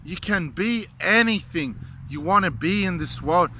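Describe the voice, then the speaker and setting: A wise old martial arts master, as a man puts him on, patient and calm. He speaks slowly and gives measured advice. Wind and passing traffic hiss behind him. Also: high-pitched, exaggerated voice.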